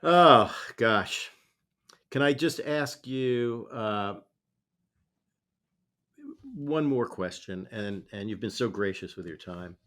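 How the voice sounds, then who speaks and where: Measured male doctor hosting an interview. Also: on the low side, lively intonation, a bit bright. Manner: measured, with hesitant fillers. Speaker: physician and podcast host. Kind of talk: interview conversation.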